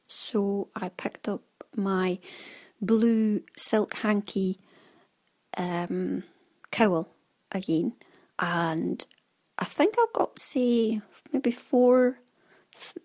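A woman chats on at an easy, homely pitch, neither high nor low. She rambles from one thought to the next. Her voice often sinks into quiet, breathy asides before it lifts again. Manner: rambling and chatty, often trails into soft asides. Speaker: knitting podcast host. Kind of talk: casual chatty monologue.

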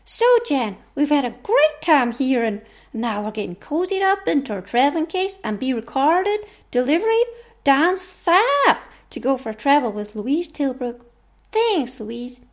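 A woman's voice: high voice, very animated, unhurried, voice pushed up. A woman voicing two chatty female toy dolls, putting on an American accent and trading cheery, sing-song lines. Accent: put-on American. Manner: sing-song, exaggerated, cheery back-and-forth.

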